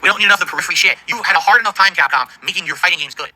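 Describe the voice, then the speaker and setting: A middle-aged man livestreaming, ranting in an indignant, profane, rapid-fire way about his audience and the games industry. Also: sits high, bright, forceful tone, rough recording. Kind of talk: angry stream rant.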